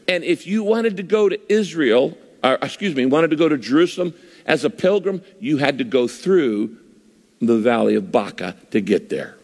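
A man preaching a sermon to a congregation, animated and direct, sometimes acting out the voices of the figures he quotes. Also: fairly high pitch, moderate pace. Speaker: pastor. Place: large church hall. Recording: long hall reverb.

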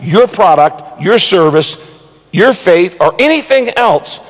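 A man with a somewhat high voice preaches with emphasis, driving points home by repeating them. He slows down deliberately whenever he reads a Bible verse aloud. His voice trails off into a long echo, like a big church auditorium. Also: animated. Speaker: pastor. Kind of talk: sermon.

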